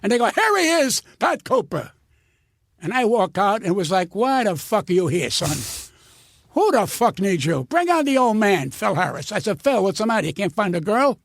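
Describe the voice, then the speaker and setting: Older male comic, blunt and profane storyteller, high animated voice, dry close sound. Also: a little fast, gravelly, no room sound. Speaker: guest comedian. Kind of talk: storytelling interview.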